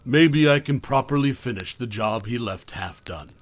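A man's voice: mid-range voice, lively intonation, normal speed, few pauses, no echo. A man narrating a first-person horror story, cold and probing as he questions someone.

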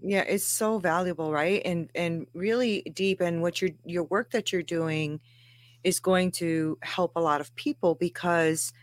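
A woman host speaking frankly and candidly in casual interview chat, full of fillers and quick reactions. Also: on the low side, steady tone, dry recording. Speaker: podcast host.

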